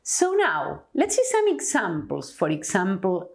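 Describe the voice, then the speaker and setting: Slow, lively-voiced Argentine Spanish teacher. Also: female voice, medium pitch. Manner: clear, deliberate, repeats each word then its translation. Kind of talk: slow language lesson with examples.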